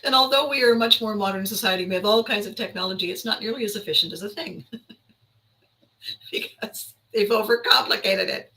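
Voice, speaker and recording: A woman hosting a podcast, telling a story in an animated, wry way, repeating lines for emphasis and acting out the people she quotes. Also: mid-range voice, normal speed, rough recording. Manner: acts out quoted voices. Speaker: podcast host. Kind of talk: storytelling monologue.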